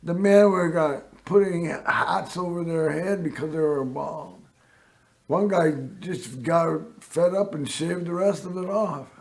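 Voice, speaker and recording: A man hosting a local TV show, telling a personal story in a rambling way and often clearing his throat. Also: a little high. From Northern California. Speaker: host.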